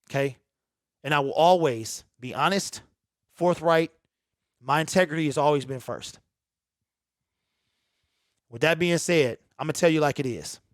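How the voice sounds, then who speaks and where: A man's voice: on the high side, dry recording, studio quality. A man hosting his own sports channel, speaking in a raw, unedited, emphatic and emotional monologue to his viewers. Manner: emphatic, repetitive, earnest and emotional. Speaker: host of a sports talk channel.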